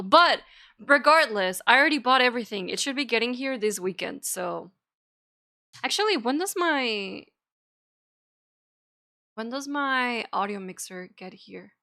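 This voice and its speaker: A woman's voice: fairly high pitch, animated, a little slow, pauses often, pushed and bright. A young woman streaming, chatting casually and rambling between topics, giggling and swearing now and then. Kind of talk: casual chat.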